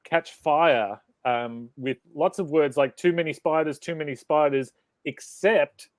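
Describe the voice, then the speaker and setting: An Australian man co-hosting a casual live chat, with wry, deadpan puns. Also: mid-range voice, no room sound. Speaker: podcast co-host.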